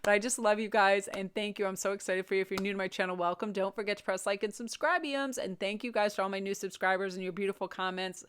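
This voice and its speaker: A woman's voice: mid-range voice, little pitch movement, fast talker, hardly any pauses, a little hiss or hum. A woman giving a casual spiritual tarot reading to her viewers, gushing and encouraging, with lots of filler phrases. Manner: gushing, encouraging, lots of "you know" and "right?". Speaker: tarot reader. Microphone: microphone.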